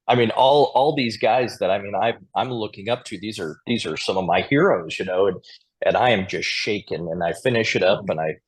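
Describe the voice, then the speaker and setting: A man's voice: on the low side, fairly quick, breathy edge. A man from Montana, a square dance caller, telling chatty anecdotes as a podcast guest and chuckling now and then. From Montana, USA. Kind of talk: casual storytelling interview.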